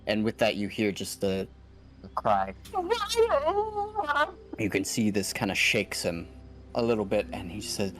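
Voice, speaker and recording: Low-voiced man narrating as game master. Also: steady tone, a little slow, long pauses, fairly bright tone, soft background music. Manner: rambling, filler-heavy narration.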